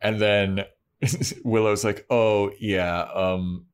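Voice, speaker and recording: A man co-hosting a podcast, casually recapping an episode and slipping into quick character voices. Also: lowish voice, steady tone, smooth. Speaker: podcast co-host.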